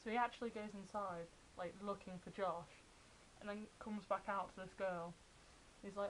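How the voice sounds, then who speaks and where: A young adult woman, excitedly telling fan stories in a casual vlog. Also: medium pitch, moderate pace, slight background noise, low-quality recording. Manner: chatty, excited retelling of fan anecdotes. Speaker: vlogger.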